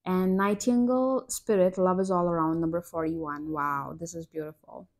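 A young woman giving a collective tarot reading, talking to viewers in an excitable way that is full of exclamations. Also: fairly low pitch, moderate pace. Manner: excitable, exclaiming, breathy gasps and laughs. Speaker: tarot reader.

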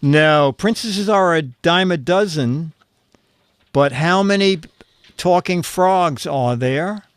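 A male host reading viewer jokes on a casual streamed show, slow and fumbling as he hunts through his papers and chuckles along. His voice sits a bit high for a man and he takes his time. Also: animated, smooth, dry recording.

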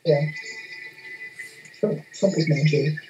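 A man's voice: a little high, takes it slowly, distant mic, highs cut off, music in the background. A man co-hosting a casual gaming livestream, stammering and repeating his words. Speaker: livestream co-host.

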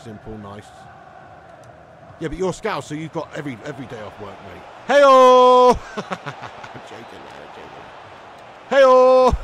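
A man doing live commentary on his game stream, excitable, yelling at plays and chatting with viewers. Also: mid-range voice, noisy background.

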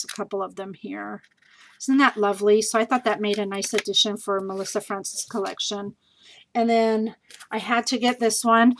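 A woman casually chatting in a home video as she shows off scrapbooking supplies she bought, bubbly and gushing, with lots of fillers and quick asides. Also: mid-range voice, poor audio. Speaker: scrapbooking vlogger showing a craft haul. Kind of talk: casual haul video chat.

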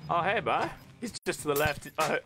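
A man in his twenties chatting casually with his livestream chat while gaming, excitable and swearing a lot. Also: on the high side, moderate pace, over music. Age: 20s. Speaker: streamer. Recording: noisy background.

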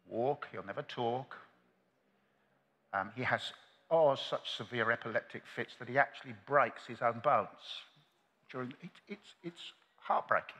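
Older preacher, husky voice, hall echo. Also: male voice, medium pitch. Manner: earnest, swings from loud climaxes to hushed quiet. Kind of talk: sermon. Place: large convention hall.

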